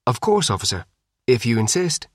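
A man voicing a brisk, wry mother in her forties, lifting his pitch and quickening for her lines. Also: no room sound, studio quality. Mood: strained. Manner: raised pitch, lively, quick. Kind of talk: audiobook reading.

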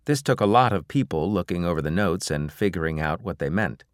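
Low-voiced man narrating an audiobook. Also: lively intonation, fairly quick, no room sound, studio quality. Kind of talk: scripted narration.

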